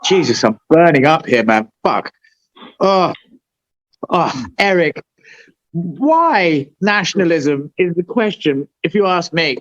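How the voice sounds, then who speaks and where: A man's voice: on the high side, sing-song, slow, fairly bright tone, no echo, muffled recording. A man hosting a casual hot sauce tasting chat, swearing and groaning from the heat. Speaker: host.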